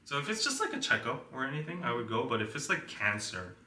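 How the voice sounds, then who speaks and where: A man's voice: medium pitch, sing-song, quick pace, bright, forceful tone, roomy sound, recorded from a distance. A young man hosting a live podcast, chatting casually with many fillers and restarts. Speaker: podcast host. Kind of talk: casual chat.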